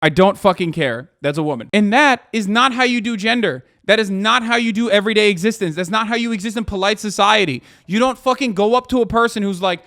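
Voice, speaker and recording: A man's voice: sits high, quick pace, hardly any pauses, sharp tone, no echo, studio quality. A man streamer from the United States, giving a profane, emphatic reaction commentary. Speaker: streamer host.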